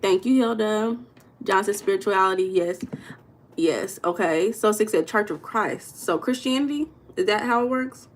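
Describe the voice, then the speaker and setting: Casting: young woman, relaxed livestream host, medium pitch, chatty and loose with viewers. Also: normal speed, slight background noise. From United States. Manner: chatty, greets chat viewers by name. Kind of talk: casual livestream chat.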